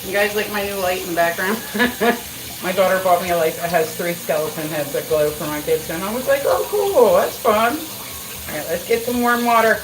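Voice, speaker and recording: A woman's voice: fairly low pitch, brisk, distant mic, background noise. Chatty woman live-streaming from her kitchen. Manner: chatty, laughs often, swears casually. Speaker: livestream host. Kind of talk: casual live-stream chat while baking. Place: home kitchen. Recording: echoey kitchen, voice from off-mic.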